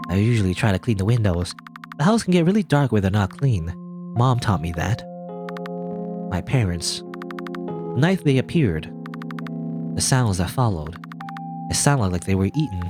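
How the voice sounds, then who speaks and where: A young man hosting a game playthrough, reading the story aloud and cracking wry, offhand jokes. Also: medium pitch. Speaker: let's play host.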